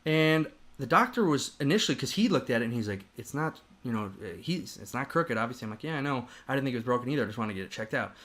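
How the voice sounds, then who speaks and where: A man on a podcast telling a story in casual chat, animated and profane, rambling with restarts. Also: mid-range voice, fast, few pauses. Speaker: podcast host.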